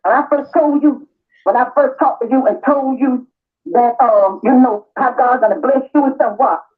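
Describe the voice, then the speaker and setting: A woman's voice: sits high, normal speed. An older woman calling in, talking about God and prayer in a preachy, encouraging way. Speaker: caller. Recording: tinny phone line.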